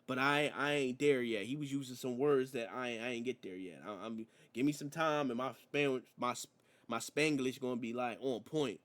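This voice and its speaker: A man's voice: medium pitch, moderate pace. A man reviewing a wrestling show in a slangy, rambling, casual chat. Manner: slangy, rambling, animated storytelling.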